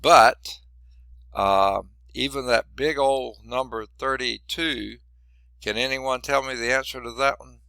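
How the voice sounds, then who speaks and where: Male math instructor, folksy lecture delivery, gravelly and bright, dry sound. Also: medium pitch, fairly even intonation, takes it slowly, no room sound. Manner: folksy, chatty, asks the class questions. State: losing his voice. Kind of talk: classroom lecture.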